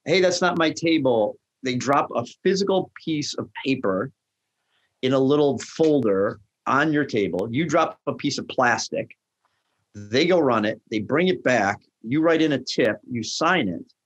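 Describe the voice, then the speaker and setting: A man's voice: lively intonation, measured pace. A middle-aged man, a restaurant tech founder, telling stories in an interview and acting out the lines of the people in them. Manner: acts out quoted dialogue with jumps in pitch. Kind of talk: animated storytelling in a podcast interview.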